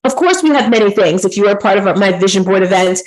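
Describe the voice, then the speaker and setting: A woman's voice: medium pitch, animated, quick pace, darkish tone, rough recording. A woman hosting a live online workshop, casual and encouraging, giving tasks to her participants. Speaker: online class host and coach.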